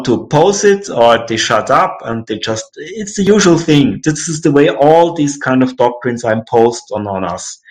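Guy, middle-aged, venting in a casual chat, keeps restarting sentences. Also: mid-range voice. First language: German. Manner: indignant, ranting, many restarts and fillers. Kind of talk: casual conversation.

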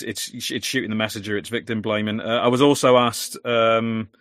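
A man speaking as a guest in casual conversation, animated and full of restarts, his voice starting to go hoarse. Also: medium pitch, dry recording, clean studio sound. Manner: rapid, animated, many restarts. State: voice going hoarse.

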